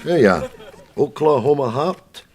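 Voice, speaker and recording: A grumpy old Scotsman. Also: unhurried. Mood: bickering. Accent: Scottish. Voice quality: grumbling, bickering, lively pitch. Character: grumpy old Scottish man named Jack. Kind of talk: sketch comedy acting.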